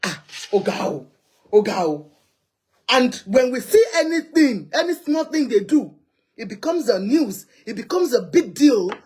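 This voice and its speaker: A Nigerian woman with a Nigerian accent, hosting a live call-in show, talking in an animated, chatty way and ranting about public affairs from inside a car. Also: high-pitched, normal speed, husky. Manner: animated, chatty, rants and pleads. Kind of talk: opinionated live social commentary.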